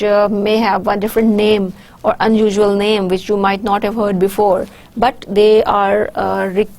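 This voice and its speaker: A woman with a Pakistani English accent giving a recorded university lecture, speaking in a measured way with frequent "uh" pauses as she explains terms. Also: mid-range voice, darkish tone.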